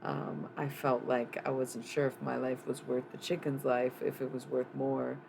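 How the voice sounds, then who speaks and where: A woman with a deep, fry-edged voice talks through a psychic reading on a live stream. She wanders from thought to thought, filling gaps with "um" and dropping casual swears. A steady background noise sits clearly under her voice. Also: moderate pace, poor audio. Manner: rambling, loose and profane, thinking aloud with many fillers.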